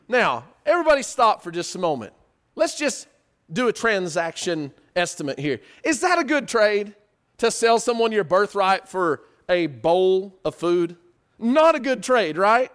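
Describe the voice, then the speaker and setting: A man's voice: high voice, big pitch swings, moderate pace, a bit bright. A man preaching a sermon, telling a story in a conversational way full of rhetorical questions and acted-out quotes.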